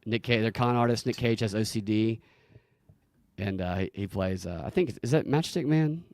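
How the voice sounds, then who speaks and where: A man with a Southern US accent hosts a podcast, his voice fairly low and a little dark, moving at a normal speed with no room sound. He chats casually, wandering through stories and laughing easily.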